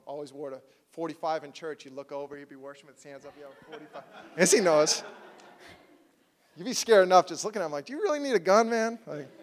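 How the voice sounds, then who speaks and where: A man giving a sermon testimony in animated storytelling style, acting out his own quotes, at times loud and at times soft. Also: fairly high pitch, in a large hall. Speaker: preacher sharing a testimony.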